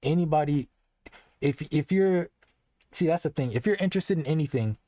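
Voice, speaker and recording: A man's voice: fairly high pitch, normal speed, warm tone, no room sound, clean studio sound. Earnest rambling young man streaming. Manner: loose, rambling and earnest, heavy with "like" and restarts. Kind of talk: casual live-stream commentary.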